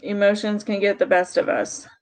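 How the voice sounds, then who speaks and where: A woman's voice: mid-range voice, little pitch movement, normal speed. A woman streaming live to her chat, congested from crying and frustrated, talking through what happened. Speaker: YouTuber on a livestream. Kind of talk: emotional livestream talk to chat.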